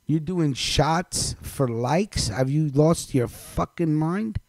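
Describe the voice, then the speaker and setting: A man's voice: on the high side, slow, darkish tone, dry recording. A man hosting a live show, scolding someone directly in a blunt, profane rant. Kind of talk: ranting monologue on a live stream.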